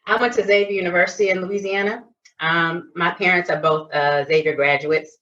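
A middle-aged woman from Detroit, a chiropractor, telling lively stories in a casual interview. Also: low-pitched, a little fast. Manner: animated storyteller, acts out quoted voices. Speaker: guest, chiropractor. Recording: distant lo-fi sound.

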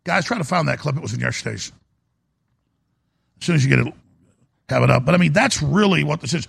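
A man's voice: fairly high pitch, lively intonation, a little fast, pauses often, a bit bright, no echo. A man hosting a live broadcast from a studio, delivering a rambling monologue with restarts and sudden emphatic rises. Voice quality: gravelly and husky. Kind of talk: monologue commentary.

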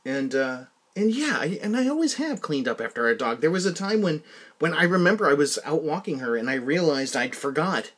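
A man's voice: fairly high pitch, very animated, a little fast, fairly bright tone, slightly rough. A man hosting a solo podcast, telling casual anecdotes in a rambling, self-correcting way. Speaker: podcast host.

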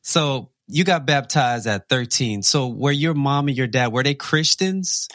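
A man hosting a conversational interview, chatty, steering with quick questions and biblical references. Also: medium pitch, expressive, a bit bright, no room sound, studio quality. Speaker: interviewer host.

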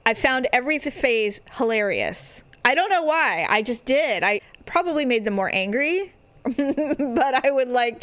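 A middle-aged woman in easy conversation, her voice sitting a little high. She tells stories with energy and jumps into squeaky voices when quoting people. The sound is close and dry, with no room around it. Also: no room sound. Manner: animated storyteller, acts out quotes in high voices. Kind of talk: casual chat.

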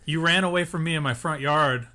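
A man co-hosting a podcast, chatting casually and jokingly about an episode and slipping into quick impressions of characters. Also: fairly high pitch. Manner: joking, animated, recaps scenes with quick impressions. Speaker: podcast co-host. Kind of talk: casual recap chat.

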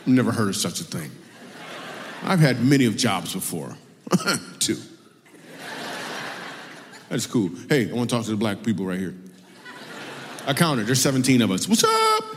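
Comedian, male, lively crowd-work banter; live hall with long reverb. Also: fairly low pitch, normal speed, pauses often, a little hiss or hum. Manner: teasing, laughing, playful banter.

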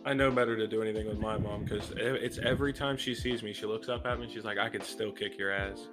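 Man, laid-back podcast chat, fairly low voice, dry humor, music behind. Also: steady tone, quick pace. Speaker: podcast co-host. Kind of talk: casual chat.

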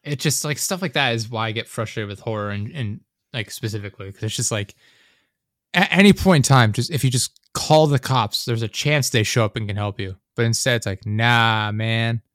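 Young man, casual rambling chat, animated, dry close sound; acts out scenes. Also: medium pitch, brisk, dry recording.

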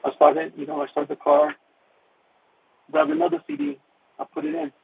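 Man giving a halting, emotional testimony, with a gravelly voice that swings up and down in pitch, over a tinny line. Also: big pitch swings. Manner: halting, with many restarts and repeated words. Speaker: caller sharing a personal testimony. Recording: tinny phone-like line with faint hiss.

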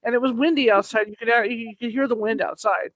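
A man's voice: very high-pitched, fairly even intonation, fairly quick, fairly bright tone, no echo, poor audio. A man hosting a casual chat, talking in a chatty way and repeating words as he gets started.

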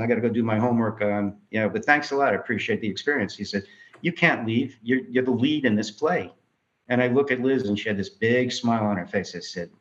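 His voice sits on the low side, and the recording loses its highs. This is a filmmaker from New York recounting his life in an interview, doing lively impressions of the people he quotes.

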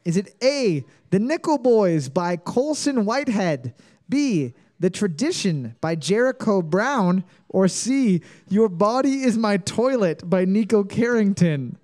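A man's voice: high voice, sing-song, slow, darkish tone. A man hosting a comedic trivia quiz, playfully reading each question twice with exaggerated emphasis. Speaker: quiz host.

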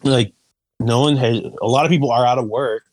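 A man's voice: mid-range voice, fairly even intonation, brisk, no room sound. A man co-hosting a podcast in a laid-back, slangy way, often agreeing and calling his partner dude. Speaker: podcast co-host. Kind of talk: casual chat.

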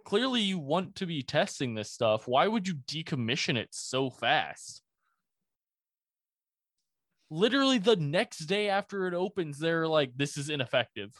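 A man's voice: on the high side, very animated, measured pace, a bit bright, no echo. A young man in casual podcast chat, rambling through an explanation with laughs and the odd curse. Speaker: presenter of a conspiracy topic.

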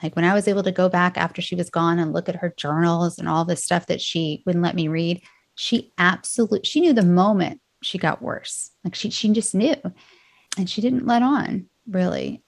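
Low gravelly-voiced woman podcast host. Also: moderate pace, no echo. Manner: warm-hearted, openly emotional, conversational. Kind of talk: podcast interview.

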